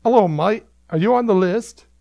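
A man voicing a stubborn male club doorman in a vague Australian-Cockney accent, pitched above his own voice. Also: normal speed, creaky, lo-fi sound. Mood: polite. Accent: vague Australian-Cockney mix.

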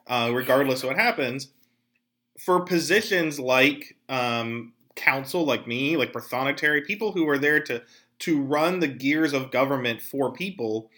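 A man hosting a podcast, talking casually about politics with animated, jokey asides. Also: mid-range voice, a little slow. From Pennsylvania. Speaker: podcast host.

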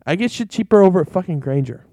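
A man's voice: high-pitched, animated, quick pace, dark tone, no room sound. A young man co-hosting a casual podcast, swearing freely and ranting in exasperation. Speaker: podcast co-host. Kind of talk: casual chat.

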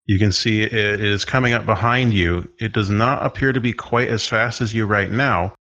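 A man narrating as game master of a tabletop role-playing game, describing scenes at an unhurried pace with frequent fillers. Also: lowish voice, pushed and bright, dull audio.

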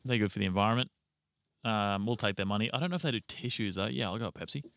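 A man's voice: fairly low pitch, racing, creaky, a bit bright, clean tone, no echo, studio quality. A man, co-hosting a casual sports podcast with joking, swearing banter. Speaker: podcast co-host.

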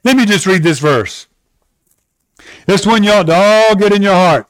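A male preacher with a high, light voice, earnest and direct as he urges his listeners on. He slows right down to lean on each line of scripture. The sound is close and dry, with no room echo. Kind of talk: sermon.

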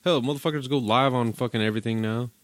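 A man's voice: mid-range voice, fast talker, no room sound. A man hosting a podcast in casual, joking chat, swearing often and laughing a lot. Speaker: podcast host.

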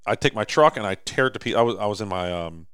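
A man's voice: lowish voice, expressive, fast, fairly bright tone, clean tone, dry recording, clean studio sound. A man co-hosting a podcast, rambling through a long story in casual chat, with many restarts. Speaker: podcast co-host. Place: indoor office or shop.

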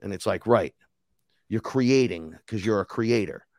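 A man's voice: on the low side, a little slow, darkish tone, no echo, studio quality. A man, a guest on an interview podcast, telling a long personal story in casual, profane language and acting out the dialogue. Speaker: podcast guest, rapper and shaman.

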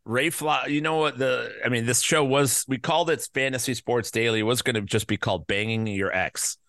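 A man's voice: mid-range voice, brisk, a bit bright, dry recording, clean studio sound. A male podcast host talking in a rambling, joking way, full of crude asides and restarts, his voice a little worn from being sick. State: recovering from covid, voice slightly worn. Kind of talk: casual podcast chat.

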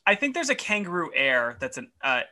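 A man co-hosting a podcast, talking in an expressive, sassy way. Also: fairly high pitch, fairly quick. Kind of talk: casual chat.

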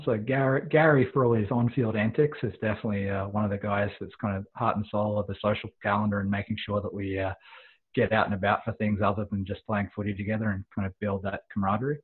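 Guest, man, low and husky, hesitant, over a tinny call line. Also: fairly even intonation, quick pace. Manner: hesitant, many fillers. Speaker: guest, club member. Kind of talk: casual podcast interview.

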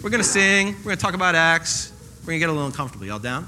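A man's voice: a little high, big pitch swings, racing, sharp tone, slight background noise, poor audio. A man preaching a sermon to a congregation, joking and acting out the voices of the people in his story. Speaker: pastor. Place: church hall with a congregation.

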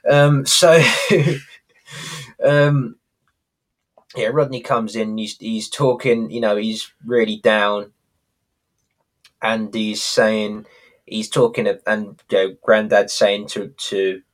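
A man's voice: on the low side, steady tone, slow pace. A man chatting casually as podcast co-host, retelling a sitcom episode and acting out the characters' lines.

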